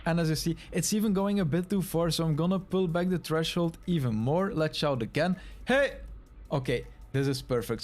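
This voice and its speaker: Man explaining audio settings, tutorial style. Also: fairly high pitch. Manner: instructive, walks through settings, demonstrates by talking quiet and shouting. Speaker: streaming tutorial presenter. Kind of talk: step-by-step screen tutorial.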